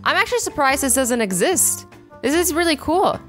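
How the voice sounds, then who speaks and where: A young woman in her twenties doing a casual reaction vlog at home, bubbly and animated, acting out quick little scenarios. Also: sits high, soft background music. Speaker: YouTuber reacting to invention ideas.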